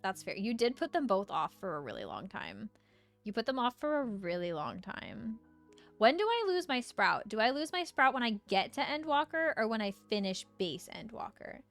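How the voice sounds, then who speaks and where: A woman's voice: fairly high pitch, sing-song, moderate pace, creaky, a bit bright, soft background music. Giggly young woman streaming a game. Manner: bubbly and giggly, reads chat aloud. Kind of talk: casual live-stream chat while gaming.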